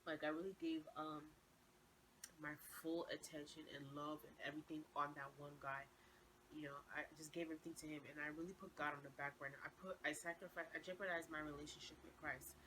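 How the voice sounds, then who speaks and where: Earnest low-voiced young woman testifying. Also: level tone, a little fast, noisy background. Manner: earnest, heartfelt, repeats phrases for emphasis. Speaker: vlogger sharing her testimony. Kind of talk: personal faith testimony.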